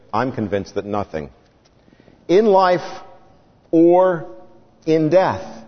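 A man preaching a sermon, acting out the people in the story with dramatic swings in his voice. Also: on the low side. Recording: dull sound with long reverb.

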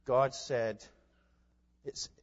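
Animated man preaching in a reverberant hall. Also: mid-range voice, very slow, slight background noise. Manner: animated, rising to loud emphatic peaks, laughing asides. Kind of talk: sermon. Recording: dull reverberant hall sound.

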